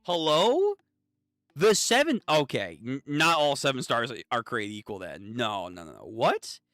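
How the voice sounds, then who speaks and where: A man hosting a casual reaction read-through of manga, excitable and swearing, reading lines aloud. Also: mid-range voice, moderate pace, no echo, clean studio sound, soft background music. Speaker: channel host reading manga.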